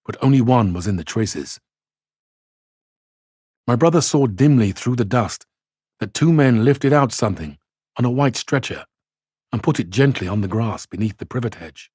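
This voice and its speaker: A man's voice: on the low side, a little mellow, husky, no room sound, studio quality. A Scottish man who reads a novel aloud and explains it for exam study, talking conversationally with frequent restarts. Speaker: English literature teacher.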